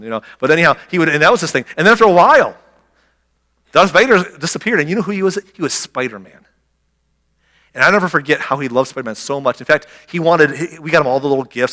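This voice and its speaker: A middle-aged man preaching a sermon as a pastor, telling stories and acting out quotes with animated energy. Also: medium pitch, in a large hall. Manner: animated storytelling, acts out quotes. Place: church sanctuary.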